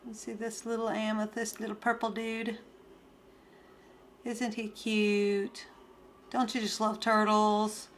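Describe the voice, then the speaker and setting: Chatty woman unboxing gemstones for her viewers, slow easy talk, bags crinkling faintly behind her. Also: mid-range voice, completely flat delivery, a little hiss or hum. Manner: chatty, gushing, talks to viewers. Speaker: gemstone and craft seller. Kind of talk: casual unboxing vlog.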